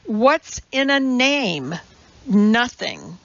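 A woman's voice: sing-song, extremely slow, gravelly, no echo, muffled recording, exaggerated voice. A woman voicing an exasperated male scientist. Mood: insistent. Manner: insistent, rising to a louder pitch. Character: earnest male scientist, proud and flustered.

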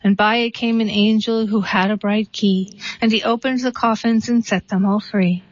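This reader, a woman with a medium-pitched voice, calmly reads a short story and then a poem. The sound is dry and somewhat dull with no room sound, suggesting a close-up recording on a modest microphone.

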